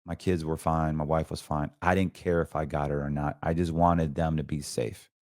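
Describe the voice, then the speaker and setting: A middle-aged man hosting a show, telling an earnest personal testimony in a casual, preaching way that grows quiet and emotional. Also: level tone, normal speed, no room sound, studio quality. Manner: earnest and preachy, voice drops low when emotional. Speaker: podcast host.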